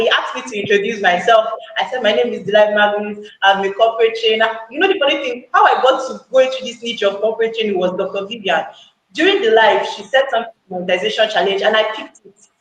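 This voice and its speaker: A woman speaking excitedly on a live call, sharing a testimonial, repeating her points for emphasis and laughing often. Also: fairly high pitch. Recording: echoey room with faint background noise.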